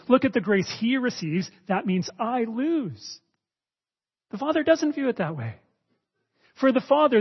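A male preacher teaching a sermon, expressive, swinging between raised emphasis and quiet asides. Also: high-pitched, breathy edge. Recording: dull lo-fi audio with long reverb.

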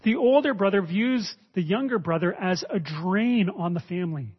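A male preacher teaching a sermon, expressive, swinging between raised emphasis and quiet asides. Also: high-pitched, moderate pace, husky. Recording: dull lo-fi audio with long reverb.

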